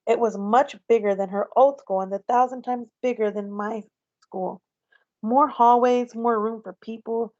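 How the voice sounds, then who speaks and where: A woman teacher reads a novel aloud, gentle and unhurried. Her voice is mellow and warm. The recording is dry and a bit dull. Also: fairly high pitch, steady tone, no echo.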